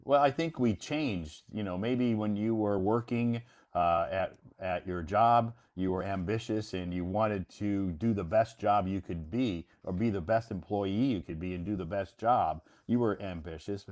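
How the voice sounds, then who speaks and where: A man's voice: fairly low pitch, a little slow, few pauses, darkish tone. A man hosting a casual English lesson, patiently correcting and rephrasing his student's words. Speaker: English teacher and host.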